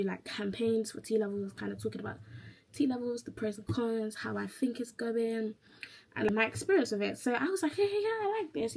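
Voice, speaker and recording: Casting note: woman, twenties, mid pitch with a gravelly fry, chatty vlogger telling her story. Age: 20s. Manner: chatty, quoting her own past thoughts, emotional in places. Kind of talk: casual diary-style vlog.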